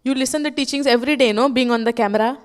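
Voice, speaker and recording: A woman preaching a sermon at a retreat, firing questions at the crowd and quoting scripture slowly, word by word. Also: sits high, smooth. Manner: asks the crowd questions over and over; quotes scripture slowly, stressing words. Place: retreat hall.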